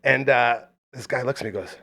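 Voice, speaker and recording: A man's voice: mid-range voice, quick pace, gravelly. A man in his twenties, host of a casual live podcast, telling stories and acting out quoted lines. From Canada. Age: 20s. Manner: animated, acts out quotes in story. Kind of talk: casual podcast chat and storytelling.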